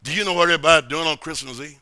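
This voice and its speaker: A middle-aged man pastor preaching a sermon in a church service, emphatic and repetitive, swinging between sudden shouts and quiet asides. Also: a little high, racing. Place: church sanctuary during a service.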